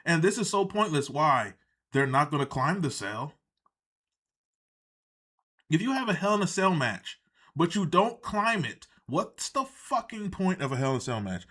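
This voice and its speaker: A man riffs through a live reaction stream in loose, profane commentary. His tone is sarcastic and exasperated throughout. His voice sits slightly high for a man. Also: big pitch swings, unhurried, pauses often, pushed and bright. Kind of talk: casual ranting commentary.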